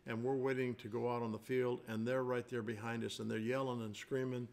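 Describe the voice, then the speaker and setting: An older man who coaches basketball co-hosts a casual podcast, rambling through long stories and searching for words as he goes. His mid-range voice is gravelly and a little mellow, fairly quick, with little movement in pitch.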